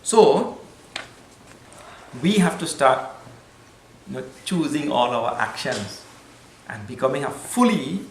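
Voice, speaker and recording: A man's voice: medium pitch, sing-song, slow pace, long pauses, slight background noise. Man teaching in an echoey hall. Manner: conversational, with Sanskrit terms and gentle humor. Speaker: spiritual teacher. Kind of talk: spiritual discourse.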